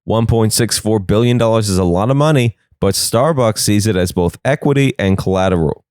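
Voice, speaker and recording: A man's voice: on the low side, brisk, a little mellow, no echo, studio quality. A young man hosting a comedy podcast, riffing sarcastically on the news and slipping into silly voices.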